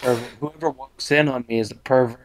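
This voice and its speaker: Deadpan man with crude quips. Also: mid-range voice, a little fast, slight background noise. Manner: deadpan, crude one-liners. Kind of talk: casual chat.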